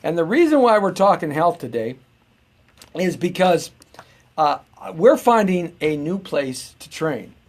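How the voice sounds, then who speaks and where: A man's voice: fairly high pitch, big pitch swings, a little slow. A middle-aged man hosting a live show, rambling and joking as he muses aloud to viewers. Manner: rambling and jokey, musing aloud.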